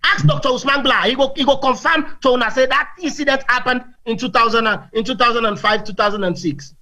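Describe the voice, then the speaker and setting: High, bright Sierra Leonean Krio man. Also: quick pace. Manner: boastful, laughing, repeats words. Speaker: guest. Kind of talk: animated anecdotal storytelling.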